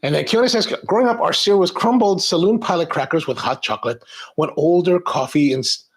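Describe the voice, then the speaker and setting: A middle-aged man hosting a coffee live stream, chatting in a rambling, animated way and reading viewer comments aloud. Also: sits high, a little fast, slightly rough. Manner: rambling, animated, frequent restarts. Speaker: coffee show host.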